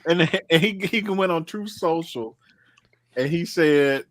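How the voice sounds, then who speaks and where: A man's voice: on the high side, slow pace, no room sound. A man co-hosting a podcast in casual chat, telling stories with mocking impressions. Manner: animated storyteller, mocking impressions. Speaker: podcast co-host.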